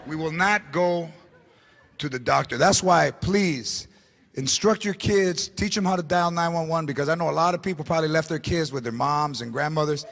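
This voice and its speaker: A man in his forties with a Mexican-American accent doing stand-up comedy, acting out relatives with Spanish phrases and bursts of shouting. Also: on the high side, brisk, creaky. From United States. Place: large theatre stage. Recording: live theatre audience laughing.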